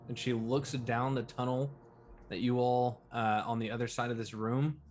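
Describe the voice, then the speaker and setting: A man's voice: medium pitch, steady tone, normal speed, a little mellow, faint music behind. A man narrating a tabletop game as game master, in loose, filler-heavy speech.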